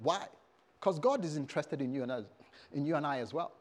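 Speaking fairly quickly in a fairly high voice, a male pastor gives a sermon at a church service. He's funny and lively, and he calls out to the people in the pews.

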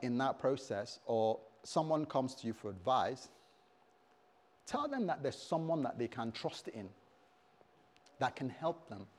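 A male pastor preaching a sermon in a church service, humorous and animated, calling out to the congregation. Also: medium pitch.

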